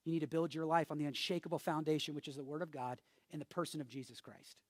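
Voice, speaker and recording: High-pitched guy preaching, jokey then punchy, dry close mic. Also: steady tone, fast, no room sound. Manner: jokey, emphatic preaching with call-and-response. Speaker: pastor. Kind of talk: sermon.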